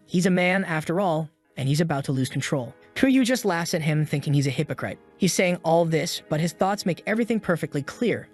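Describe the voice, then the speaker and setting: A man narrating a scripted story recap in a brisk, wry storytelling manner. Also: on the high side.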